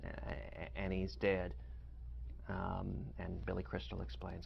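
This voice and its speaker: A man telling a story about a film with lively energy, jumping between quoted voices as he goes. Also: low-pitched, normal speed, vocal fry. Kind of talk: animated anecdote retelling film scenes. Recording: dull lo-fi sound.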